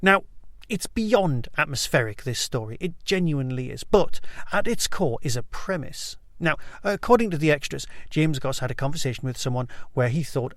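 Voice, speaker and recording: A man's voice: on the high side, animated, moderate pace, fairly bright tone, dry recording, clean studio sound. A man hosting his own podcast, reviewing in a chatty, enthusiastic way with rambling asides. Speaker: podcast host. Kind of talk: casual solo review.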